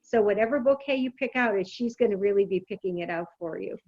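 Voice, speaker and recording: A woman medium giving a spirit message softly and reassuringly, often checking in with "okay?". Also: mid-range voice, fast talker, muffled recording. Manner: soft, reassuring, repeats "okay?". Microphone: video call.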